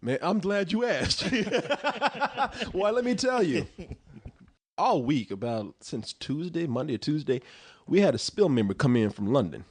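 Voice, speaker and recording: A man's voice: a little high, a little slow, slightly rough, no echo. A man telling a rowdy story in casual chat, swearing freely and laughing along with his own tale. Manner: profane, animated storytelling with laughs. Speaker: storyteller on a talk show.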